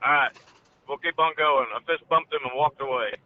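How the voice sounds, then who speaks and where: Chatty man on a tinny phone line. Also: fairly quick. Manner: rambling anecdotes, quotes people in a higher voice. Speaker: caller. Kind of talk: casual storytelling.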